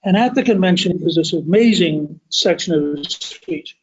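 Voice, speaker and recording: A man's voice: high voice, animated, normal speed, muffled recording, a little hiss or hum. An older man hosting a podcast, recounting political history in a storytelling way. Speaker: podcast host. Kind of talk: storytelling commentary.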